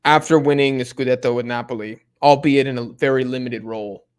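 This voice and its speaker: A young man casually chatting through a live football watch-along, reading and answering chat in relaxed slang. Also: mid-range voice, a little fast, smooth. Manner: laid-back slang-heavy chatter, many fillers.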